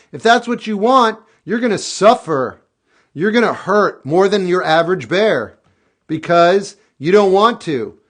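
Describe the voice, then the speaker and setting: High-voiced man giving goofy live advice. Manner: animated, goofy bursts of shouting; reflective, candid advice. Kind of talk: casual live stream talk.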